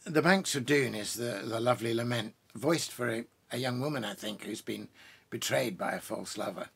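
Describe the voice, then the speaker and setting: A man with a gravelly, slightly husky voice talks casually from a home study full of bookshelves. He rambles as a poet introducing readings, breaking off, restarting and adding asides. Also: medium pitch, a bit bright. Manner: pausing for pipe and drinks while talking. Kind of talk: casual chat introducing poems.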